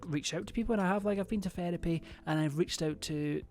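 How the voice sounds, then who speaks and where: A man's voice: sits high, fast, a little mellow. A young man, chatting casually to his stream in a rambling, hesitant way full of fillers and swearing.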